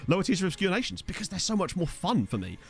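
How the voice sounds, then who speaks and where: A man with a high, gravelly voice chats fast during a let's-play, his pitch swinging widely as soft music plays underneath. Tired and self-deprecating, he rambles through replies to viewer comments with lots of fillers.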